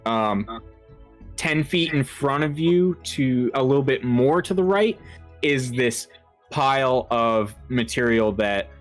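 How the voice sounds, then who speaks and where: A man running a tabletop horror game as game master, talking in a halting way with lots of fillers and restarts. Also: medium pitch, animated, faint music behind.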